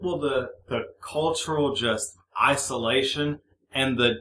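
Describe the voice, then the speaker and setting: Young man, podcast host, sardonic, profane, bright tone, roomy echo. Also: medium pitch, unhurried. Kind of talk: casual chat.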